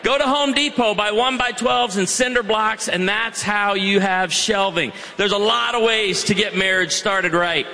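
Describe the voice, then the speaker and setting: Casting note: lively man in his 40s, high crisp voice, comic storyteller, reverberant hall. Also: moderate pace, few pauses. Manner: energetic storytelling, puts on voices for jokes. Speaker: guest speaker. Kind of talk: humorous marriage talk to students. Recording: hall reverb with faint ambience.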